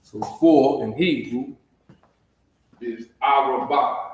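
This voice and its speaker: A man with a Southern US accent leads a livestreamed lesson at an unhurried pace, repeating each word and often pausing to ask if everyone follows. He stands away from the mic, so his voice carries the heavy echo of a bare room. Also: mid-range voice, far from the mic, slight background noise. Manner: repetitive, checks in with listeners. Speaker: teacher.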